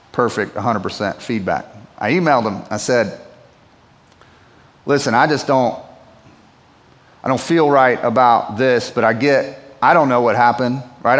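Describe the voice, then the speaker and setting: Pastor guy preaching, casual storytelling vibe, echoey big hall. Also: medium pitch. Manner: conversational preaching, storytelling with asides. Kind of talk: sermon. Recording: long hall reverb.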